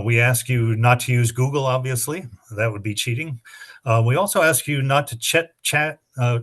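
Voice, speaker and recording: In an ordinary middle-pitched voice, a middle-aged spelling bee host reads rules and practice words to teams. He explains the rules at length and reads each word with an example sentence, keeping a chatty, explanatory tone laced with dry humor.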